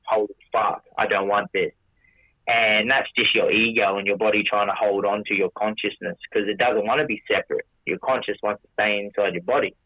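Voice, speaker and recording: A man's voice: lowish voice, fairly even intonation, fairly quick, few pauses, no echo. A man telling a long story casually, with many restarts, swearing, and quoting himself in dialogue. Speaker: podcast guest. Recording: dry tinny phone-like audio.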